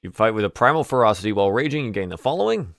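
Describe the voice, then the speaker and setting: A man acting as game master, narrating a tabletop game over a voice call in a relaxed, casual way. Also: lowish voice, rapid-fire, creaky, no echo, studio quality.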